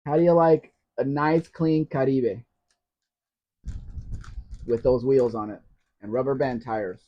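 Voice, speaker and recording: Slow and fairly even, a man's medium-pitched voice hosts a casual live Q&A stream. He's blunt and teasing, tossing in opinionated asides, and the stream audio sounds dull and lo-fi.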